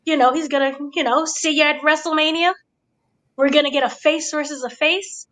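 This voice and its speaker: A woman hosting a casual review chat, giving an excited blow-by-blow recap and checking in with her listeners. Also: sits high, moderate pace, rough recording. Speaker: podcast host.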